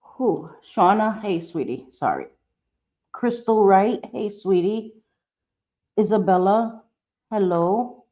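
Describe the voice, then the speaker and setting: A woman hosting a casual livestream, greeting viewers one by one with pet names, apologizing often and pausing on fillers. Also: medium pitch, animated, warm tone. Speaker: live-stream host. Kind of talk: casual live-stream chat. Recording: dull lo-fi stream audio.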